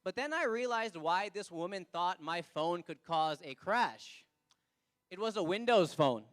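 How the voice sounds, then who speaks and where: An Indian man with a notably high speaking voice works a live comedy crowd through a stage mic. His delivery is animated, and he slips into characters for short bits. The sound is a stand-up set in front of an audience. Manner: animated, acts out characters with quick voice shifts.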